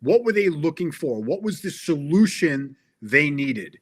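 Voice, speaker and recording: A man's voice: on the high side, very animated, measured pace. A middle-aged man talking in a casual interview as a guest, earnest and emphatic, often restarting his sentences. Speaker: interview guest, tech sales veteran.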